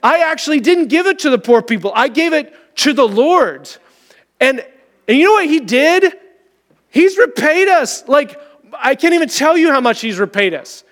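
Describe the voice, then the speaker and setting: A man preaching a sermon as pastor in a church, talking in an animated, conversational way. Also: very high-pitched, moderate pace, in a large hall. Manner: animated, conversational, acts out voices.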